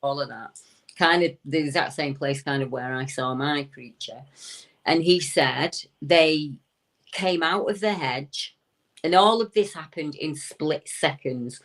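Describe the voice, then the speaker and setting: Low-voiced woman telling a story. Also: a little slow. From United Kingdom. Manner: chatty storyteller, frequent "um". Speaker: returning guest. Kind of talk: recounting a paranormal story.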